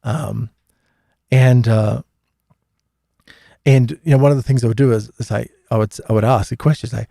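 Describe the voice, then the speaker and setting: Gravelly man telling rambling stories. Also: medium pitch, fairly even intonation, moderate pace, pauses often, dark tone, dry recording, clean studio sound. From Australia. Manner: rambling, anecdotal, many fillers and restarts. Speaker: host of a live Q&A. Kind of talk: casual religious storytelling talk.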